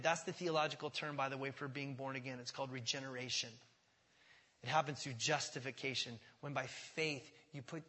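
A male pastor preaching a sermon in a church, emphatic and repetitive, swinging from quiet to loud. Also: fairly high pitch. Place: church sanctuary. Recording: long church reverb.

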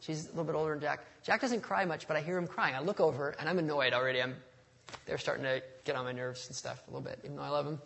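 A man's voice: on the high side, steady tone, racing, gravelly, fairly bright tone. A man preaching a sermon in a conversational, storytelling way, with touches of humor and a passage read aloud.

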